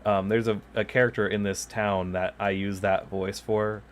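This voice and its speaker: A man's voice: lowish voice, little pitch movement, moderate pace, slight background noise. A man streaming a game at his home desk, chatting loosely and chuckling at himself into a microphone set beside him. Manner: rambling, chuckles often, self-mocking. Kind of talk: casual chat while gaming.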